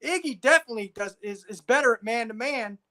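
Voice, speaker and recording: A man's voice: extremely high pitch, quick pace, bright, forceful tone. A man co-hosting a casual sports talk show, insistent, repeating himself and checking agreement with "right?". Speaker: podcast co-host.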